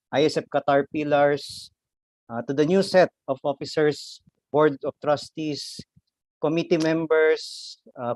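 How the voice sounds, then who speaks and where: A man's voice: on the high side, a little mellow, dry recording, rough recording. Filipino man giving a formal speech. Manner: switches between English and Tagalog, frequent "no?" tags. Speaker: national officer giving a message.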